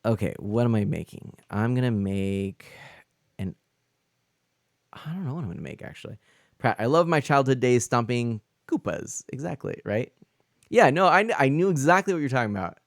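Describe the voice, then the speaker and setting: A man's voice: medium pitch, big pitch swings, normal speed, vocal fry, pauses often, no room sound, studio quality. A man chatting casually on a live stream while he plays, answering his chat as he rambles with lots of fillers and restarts.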